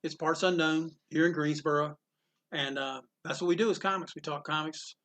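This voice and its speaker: Man, bright tense voice, animated storyteller, acts out quotes. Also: on the high side, moderate pace. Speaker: comic shop owner. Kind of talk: casual interview storytelling.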